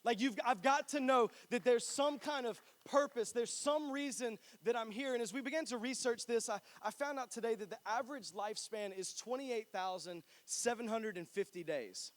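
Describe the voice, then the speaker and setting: A young man with a fairly high voice preaches a sermon to his church. He talks in a casual, joking way and tells stories from his own life. He is from North Carolina. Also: normal speed, hardly any pauses. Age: 20s. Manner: chatty, joking, animated storytelling. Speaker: pastor.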